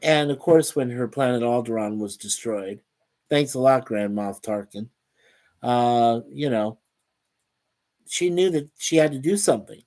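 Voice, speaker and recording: A man's voice: medium pitch, measured pace, a little mellow. Casual live stream host, a man with a middle-range voice, rambling and upbeat, reading viewer chat aloud. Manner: upbeat and easily delighted.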